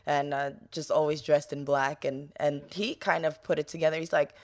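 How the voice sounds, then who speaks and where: A woman's voice: low-pitched, little pitch movement, normal speed. A woman from New York, a guest in a casual interview, telling a long story in a chatty way and acting out the voices of the people in it.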